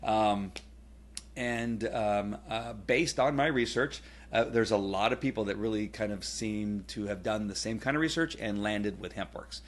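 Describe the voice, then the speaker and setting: A middle-aged man with a fairly low voice talks through a casual personal testimonial. He rambles, restarts often and fills pauses. He gets animated when he retells scenes at home. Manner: rambling, many fillers and restarts. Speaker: testimonial speaker.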